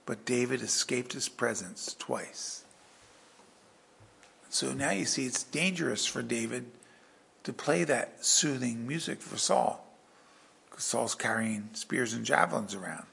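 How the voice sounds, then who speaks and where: A man preaching a verse-by-verse sermon with an animated delivery that swings from loud emphasis to hushed asides. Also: mid-range voice, unhurried, gravelly. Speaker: pastor.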